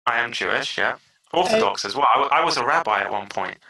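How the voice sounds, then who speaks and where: Energetic British male guest, bright voice, mid pitch, chatty and animated. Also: fast, poor audio. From England (London). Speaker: podcast guest. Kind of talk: casual interview chat.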